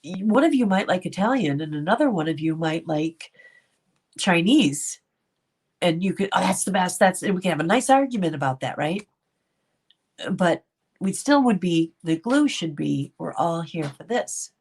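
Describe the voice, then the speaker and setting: A woman's voice: on the low side, big pitch swings, moderate pace, darkish tone, slightly rough. A middle-aged woman hosting a casual livestream, talking to viewers by name and laughing often. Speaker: commentary channel host. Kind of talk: casual livestream commentary reading chat.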